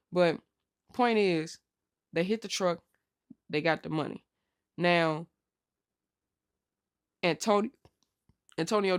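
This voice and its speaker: Slangy animated woman recapping a show. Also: fairly low pitch. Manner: animated slangy storytelling, acting out characters' lines. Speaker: host recapping a TV episode. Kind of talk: casual TV recap vlog.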